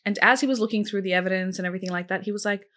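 A woman's voice: medium pitch, rapid-fire, fairly bright tone. Chatty woman telling a true crime story. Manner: chatty, many fillers like "like" and "um"; asks listeners questions directly. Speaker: true crime podcast host. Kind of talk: casual storytelling.

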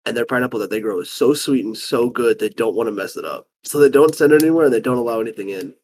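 A man's voice: mid-range voice, fast talker, darkish tone, a little hiss or hum. A young man co-hosting a podcast who rambles through long explanations in casual chat. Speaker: podcast co-host. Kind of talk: casual chat among friends.

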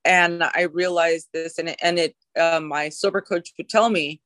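A woman's voice: lowish voice, steady tone, moderate pace, a bit bright, no echo. A woman sharing her personal recovery story in an interview, talking in an emotional, frank way with occasional swearing.

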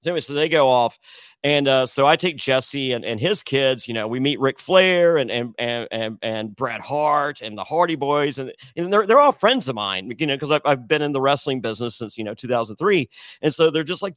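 A man's voice: on the high side, expressive, brisk, a bit bright, no echo, studio quality. A middle-aged man, a podcast guest, telling a long rambling story in casual chat, with many restarts, and acting out the voices of the people in it.

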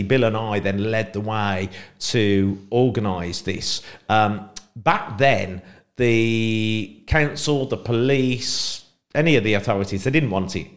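A middle-aged man tells long stories as a podcast guest. His voice sits a little low, and he rambles casually, leaning on plenty of ums and uhs as he goes. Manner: chatty, rambling, frequent fillers. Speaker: podcast guest, Pride co-founder. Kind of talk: casual storytelling.

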